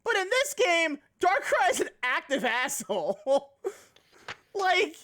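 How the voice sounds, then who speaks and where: A woman's voice: extremely high pitch, huge pitch swings, slow pace, pushed and bright. A woman streamer chatting casually and animatedly, swearing and laughing often. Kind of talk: casual live-stream chat.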